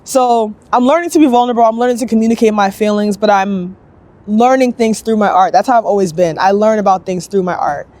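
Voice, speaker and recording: A young woman sculptor telling her story in a casual, upbeat interview, chatty and lively, acting out other people's lines as she goes. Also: mid-range voice. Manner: chatty, upbeat, quick bursts, acts out quoted voices.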